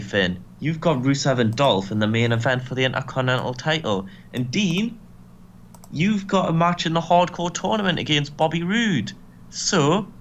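A man's voice: on the high side, fairly bright tone, slight background noise. A man putting on a stern male wrestling general manager who lays down orders, in a casual game commentary.

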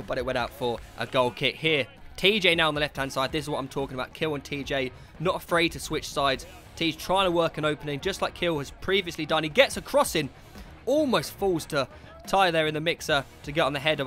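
A young man giving lively, chatty commentary on an amateur football match, shouting at the big moments. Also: on the high side.

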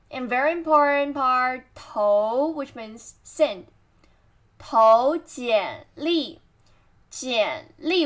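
A woman teaching vocabulary, drilling each word slowly and asking the listener to repeat after her. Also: a little high. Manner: slow, drawn-out repetition of words and tones. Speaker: Mandarin teacher.

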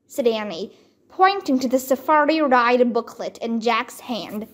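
Slow, high-voiced woman reading aloud. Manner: slow, clear, careful reading. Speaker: read-aloud storyteller. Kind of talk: children's book read-aloud.

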